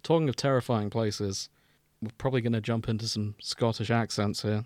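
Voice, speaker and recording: A man's voice: on the low side, fairly even intonation, fairly quick, dry recording. An English man hosting a casual podcast chat, easygoing and organizing, often chuckling. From England. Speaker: podcast host.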